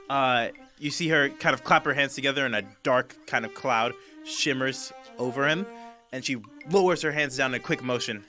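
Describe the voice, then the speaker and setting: A man narrating a tabletop game as game master, halting with many restarts. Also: medium pitch, sharp tone, faint music behind. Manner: halting, full of fillers and restarts.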